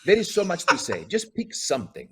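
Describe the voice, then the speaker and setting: A man's voice: fairly high pitch, huge pitch swings, a little fast, bright, forceful tone, slightly rough, pitched above the performer's own voice, full character voice. A man doing an impression of a grandiose older male crooner who speaks in short, clipped, self-assured phrases.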